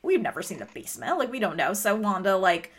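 A woman's voice: medium pitch, big pitch swings, quick pace, breathy edge. A woman co-hosting a podcast in casual chat, adding details about the show with frequent agreeing murmurs. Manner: frequent "mm-hmm" backchannel, adds comic-book detail. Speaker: podcast co-host.

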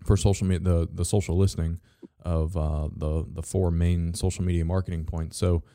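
Man, low pitch, warm dark voice, casual co-host, halting, lots of fillers, dry room. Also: little pitch movement, no room sound. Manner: halting, many fillers and restarts; dry sarcastic asides. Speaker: podcast co-host. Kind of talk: casual business chat.

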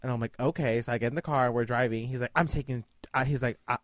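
A young man co-hosting a podcast, chatting casually and reacting with quick gasps. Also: mid-range voice, fairly even intonation, dry recording. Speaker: podcast co-host. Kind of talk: casual chat.

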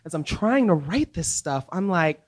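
Guesting on a live podcast interview at a comedy club, a woman with a lowish voice talks emphatically and with animation, breaking into quick laughs.

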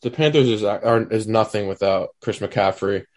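A man co-hosting a casual sports betting talk, making his points in a halting, rambling way. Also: on the low side. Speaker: podcast co-host.

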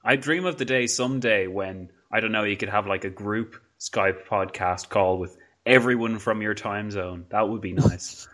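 Bright-voiced Irish podcast host. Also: male voice, on the low side, moderate pace. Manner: chatty, laughs often, rambling restarts. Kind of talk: casual podcast interview. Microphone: video call.

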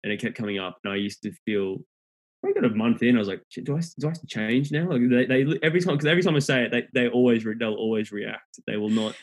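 Relaxed Australian man with a lower voice. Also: quick pace, low-quality recording. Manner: relaxed and rambling, with many restarts. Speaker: podcast guest. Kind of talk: casual chat.

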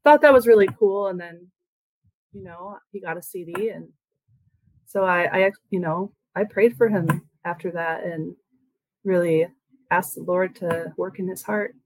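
Chatty woman musician with a low voice. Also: unhurried, no room sound, poor audio. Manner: chatty, full of "like" and "you know" fillers. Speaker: musician and band member. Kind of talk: casual interview chat.

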